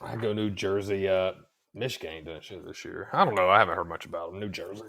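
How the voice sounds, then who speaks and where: A man cohosting a casual podcast, relaxed, chatty and profane. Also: low-pitched, quick pace, creaky.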